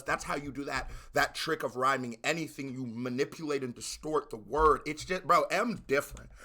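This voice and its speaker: A man hosting a music reaction video, talking casually and breaking into loud excited exclamations. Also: medium pitch, normal speed, hardly any pauses. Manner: animated, bursts into shouted exclamations.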